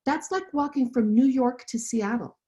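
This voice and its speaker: A woman's voice: high voice, normal speed, dark tone. A woman guest in an interview, speaking in an earnest, impassioned way. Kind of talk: interview conversation. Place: lives in Central Europe. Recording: dull, muffled audio.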